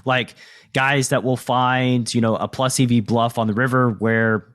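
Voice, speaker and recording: A man hosts a podcast in a relaxed, conversational way. He leans on fillers like "like" and "you know" and swears casually as he talks through ideas at an even middle pitch. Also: a little slow. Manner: loose, filler-heavy talk with casual swearing. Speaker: podcast host and poker coach.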